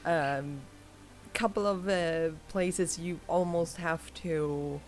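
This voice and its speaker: A woman hosting a tabletop game stream as game master, talking slowly and hesitantly and laughing often. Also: on the low side, steady tone. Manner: slow, hesitant, giggly. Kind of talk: casual tabletop game narration.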